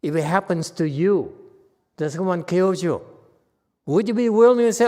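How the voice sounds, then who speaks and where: A man with a Chinese accent giving a Buddhist Dharma talk, explaining ideas slowly and often checking with his listeners. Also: high-pitched, lively intonation, mellow, in a large hall. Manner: slow, conversational teaching with frequent "okay?" checks. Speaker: Buddhist meditation teacher. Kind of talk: Dharma talk with audience questions.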